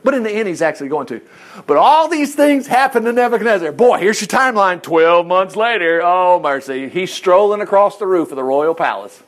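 A male preacher gives a casual, conversational sermon with lots of animated asides. His voice is high and very lively, swinging widely in pitch. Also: brisk.

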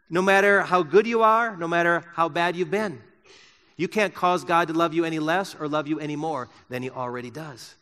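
A man preaching a sermon in a church, swinging from loud emphasis to soft, slow words. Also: sits high, long reverb tail. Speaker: pastor. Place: church sanctuary.

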